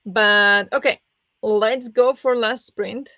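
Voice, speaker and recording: A woman's voice: mid-range voice, steady tone, moderate pace, no echo. Chatty woman streamer, dull dry sound. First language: not English. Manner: chatty, laughs often, responds to chat. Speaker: streamer hosting reading sprints. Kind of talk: casual live-stream chat.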